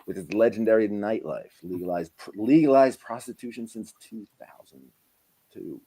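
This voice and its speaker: A man hosting a casual podcast chat, animated and jumping between loud bursts and low mumbles. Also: normal speed, breathy edge, poor audio. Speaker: podcast host.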